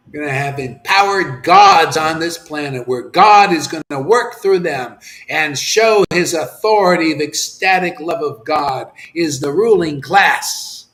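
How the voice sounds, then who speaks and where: A man delivers a devotional sermon in a fairly high, bright, cutting voice. He lurches from fervent, almost shouted peaks to low, hushed asides, hammering his points home with repetition and slangy "man"s. The recording carries a noticeable roomy echo. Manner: swings between fervent near-shouts and hushed murmurs. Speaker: spiritual teacher.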